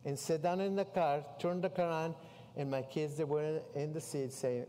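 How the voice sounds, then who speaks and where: A man's voice: a little high, normal speed, slight background noise. Man preaching in a reverberant hall. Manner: animated storytelling with non-native English. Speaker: missionary preacher. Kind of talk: sermon. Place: church sanctuary.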